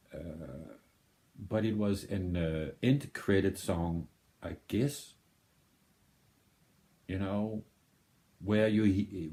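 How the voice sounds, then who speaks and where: Danish man hosting a reaction video; very low, mellow voice; unhurried, meandering delivery. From Denmark. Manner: rambling, thinks aloud with many restarts. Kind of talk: casual reaction commentary.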